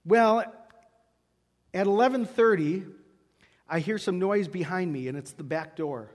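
A man's voice: sits high, a little slow. A man preaching a sermon, telling a story with acted-out dialogue before moving into scripture. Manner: animated storyteller acting out dialogue. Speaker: pastor. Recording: long hall reverb.

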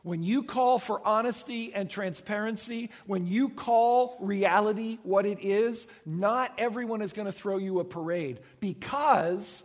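A man preaching a sermon as a pastor, telling stories in an animated way and acting out the voices of the people in them. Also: sits high, in a large hall. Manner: animated storytelling, acts out voices.

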